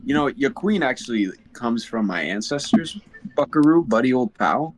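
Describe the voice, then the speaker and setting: A man's voice: medium pitch, expressive, normal speed. A man streaming a game, joking around in playful, hesitant banter. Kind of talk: casual in-character banter.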